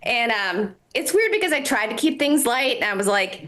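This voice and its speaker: A woman's voice: fairly high pitch, big pitch swings, normal speed, hardly any pauses, a bit bright. A woman in her forties doing a live stand-up set on a comedy club stage, self-deprecating, laughing at her own jokes between frequent "um"s. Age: 40s.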